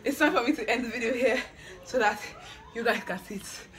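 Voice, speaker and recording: A woman's voice: fairly high pitch, brisk, very noisy. A young woman in her twenties, a medical student, chatting in a hyper, dramatic vlog, repeating herself and out of breath. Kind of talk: excited casual vlog chat.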